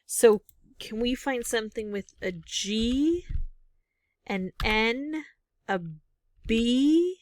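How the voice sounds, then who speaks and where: A woman's voice: a little high, lively intonation, very slow, pauses often, darkish tone, no room sound, clean studio sound. A woman thinking aloud as she works through a word game, musing over guesses in casual commentary. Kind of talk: casual solo gameplay commentary.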